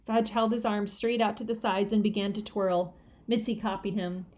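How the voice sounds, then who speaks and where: A woman narrating a children's novel aloud in a lively, expressive way. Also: mid-range voice, normal speed. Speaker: audiobook reader.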